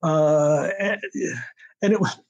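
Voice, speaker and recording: Older man with a high voice, rambling. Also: slow, a little mellow, dull audio. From United States. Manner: rambling with many restarts and fillers. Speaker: TV writer-director being interviewed. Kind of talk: casual interview storytelling.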